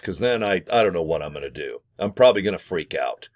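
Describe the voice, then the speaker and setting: A man talking to camera in a jokey, rambling way while pitching an affiliate program from his small home studio. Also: fast. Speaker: vlogger promoting an affiliate program. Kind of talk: casual rambling sales talk to camera.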